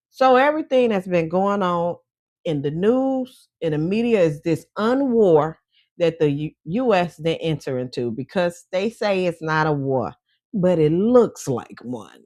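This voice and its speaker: A woman's voice: lowish voice, dry recording, studio quality. A woman vlog host with a Chicago accent and Mississippi roots, chatting casually and folksily to her viewers.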